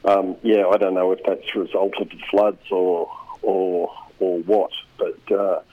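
A man with a somewhat low, husky voice talks as a regular radio commentator. He rambles and halts, restarting his sentences often. The sound comes down a dull, lo-fi phone line. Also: flat delivery. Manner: rambling, halting, many restarts. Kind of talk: casual radio chat.

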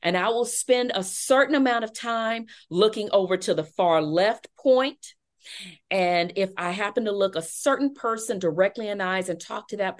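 A woman hosting a podcast interview, explaining public speaking in a measured, explanatory way. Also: mid-range voice. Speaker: podcast host and speaking expert.

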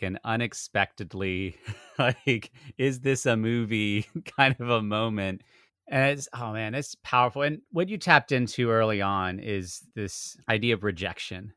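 A male podcast host with a lowish voice who responds thoughtfully to his guest and affirms her story. The recording is dry and close, with no room sound. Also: bright, forceful tone, clear, resonant tone, no room sound. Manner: reflective, affirming. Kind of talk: interview conversation.

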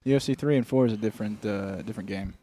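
A young man co-hosting a comedy podcast, teasing and dropping deadpan jokes in casual chat. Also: fairly low pitch, fast. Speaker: podcast co-host. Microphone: studio podcast mic.

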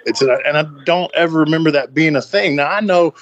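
A man's voice: fairly high pitch, fast talker, lo-fi sound. A man hosting a podcast in loose casual chat, laughing often and swearing freely. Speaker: podcast host.

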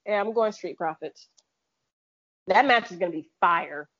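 A woman's voice: fairly low pitch, measured pace, fairly bright tone, husky, no echo. A woman co-hosting a podcast in casual chat, rambling and often restarting her sentences. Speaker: podcast co-host. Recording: dull, dry, lo-fi podcast audio.

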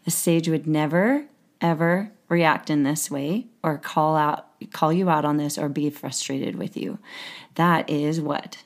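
A woman coach calmly guiding the talk and explaining steps one at a time. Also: sits low, a little slow. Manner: calm, guiding, explaining step by step. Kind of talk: coaching conversation.

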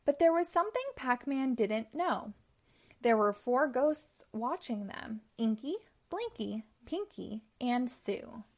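A woman hosting storytime, reading a children's book aloud in a fairly high voice. She narrates slowly and clearly, with expressive emphasis. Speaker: storytime host.

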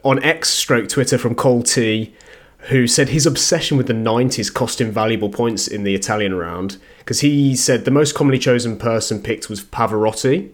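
Relaxed co-host, mid-pitched, runs the listener mailbag. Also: male voice, normal speed. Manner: easygoing, reads out listener comments. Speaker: podcast co-host reading listener messages. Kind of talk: casual chat. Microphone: video call.

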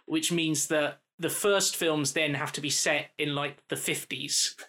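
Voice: mid-range voice, steady tone, a little slow, bright, forceful tone. A podcast co-host chatting casually and wryly about films, then leading into the ad break. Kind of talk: casual chat, reading ads.

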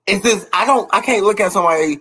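A man's voice: high voice, quick pace, husky, poor audio. A man, chatting casually about TV shows, laughing often and acting out lines from them. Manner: animated, laughs often, acts out quotes from shows.

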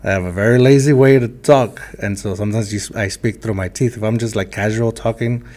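A man hosting a podcast, chatting in a relaxed, reflective and self-deprecating way. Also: fairly low pitch, brisk. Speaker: podcast host. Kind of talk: casual interview chat.

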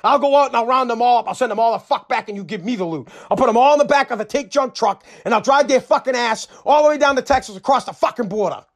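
A man's voice: very high voice, fast, few pauses. An American man hosting a podcast, delivering a heated, profane, combative rant on his own. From United States. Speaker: podcast host.

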